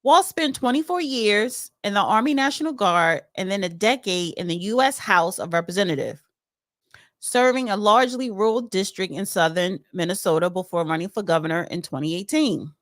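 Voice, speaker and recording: A woman's voice: medium pitch, normal speed, fairly bright tone, no room sound, studio quality. A woman hosting a casual solo commentary. She chats and reads news articles aloud, adding opinionated asides. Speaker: political commentary host.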